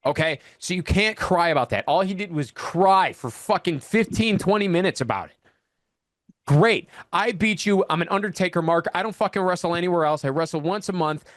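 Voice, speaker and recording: A man's voice: fairly high pitch, dry recording, studio quality. A man guesting on a podcast, ranting angrily and profanely in a heated, repetitive way. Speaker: wrestling champion guest.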